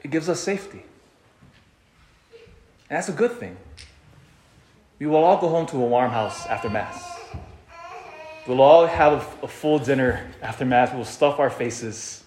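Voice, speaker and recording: A man giving a sermon as a priest, animated and full of rhetorical questions, often repeating himself. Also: mid-range voice, measured pace, long pauses, reverberant, a little hiss or hum. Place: church.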